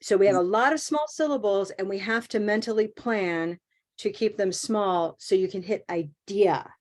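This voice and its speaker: A woman teaching an English pronunciation class over a video call, modeling phrases slowly and praising her students. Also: mid-range voice, darkish tone. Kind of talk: online class coaching.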